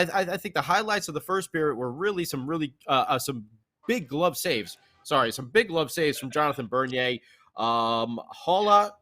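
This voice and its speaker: A male co-host chats through a game recap in a loose, rambling way, often restarting his sentences. His voice is fairly high. The tone is bright and sharp. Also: dry recording, clean studio sound. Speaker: podcast co-host. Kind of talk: casual sports podcast chat.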